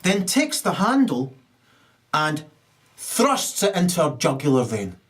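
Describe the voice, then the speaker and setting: A man's voice: on the high side, huge pitch swings, a little slow, fairly bright tone. A man improvising a profane story, rambling with many ums and restarts.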